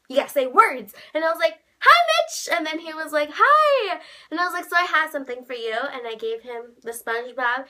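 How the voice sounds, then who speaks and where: A young woman vlogging, telling a story with gushing excitement, saying "like" constantly and squealing when she quotes herself. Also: high-pitched. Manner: gushing, heavy use of "like", bursts of squealing quotes.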